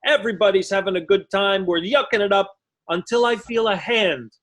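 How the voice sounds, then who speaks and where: High-voiced male stand-up comic. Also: a little fast, fairly bright tone, poor audio. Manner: conversational storytelling with self-mocking punchlines. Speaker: stand-up comedian. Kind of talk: stand-up routine over a video call. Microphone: video call.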